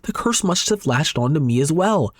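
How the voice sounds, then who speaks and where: A deranged, doting mother, put on by a man who coos with an eerie, obsessive calm. The voice sits higher than a man's usual talk and is heard dry and close, like a horror manga read aloud. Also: moderate pace, no echo. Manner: cooing, eerily calm and obsessive. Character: deranged doting mother, middle-aged woman. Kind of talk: dramatic reading of a horror manga.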